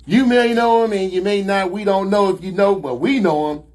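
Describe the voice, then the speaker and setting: A man's voice: sits high, moderate pace, darkish tone. A man with a Chicago accent and Southern slang, hosting a casual talk show with emphatic, preachy phrasing. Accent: Chicago Black American English with Southern slang. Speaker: host.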